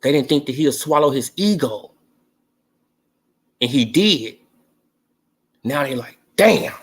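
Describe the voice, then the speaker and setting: In a slow, expressive, mid-range voice with a breathy edge, a man runs a laid-back boxing talk show and responds to his chat. His opinionated sports talk is full of slang and swearing, delivered with fired-up emphasis.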